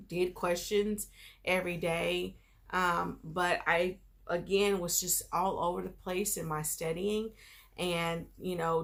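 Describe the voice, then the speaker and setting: A woman's voice: fairly low pitch, creaky, a bit bright. A woman vlogger telling a personal story in a casual, chatty way, full of filler phrases.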